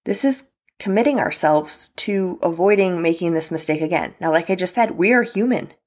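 Candid woman podcaster, low voice. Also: expressive, normal speed, a little mellow. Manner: candid, conversational, uses fillers and casual swearing. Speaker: podcast host. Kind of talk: solo podcast talk on relationships.

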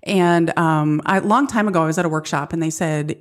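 A woman's voice: sits low, a little fast. A woman co-hosting a podcast, explaining ideas about self-talk in an earnest way as a counselor who laughs easily. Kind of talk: casual chat.

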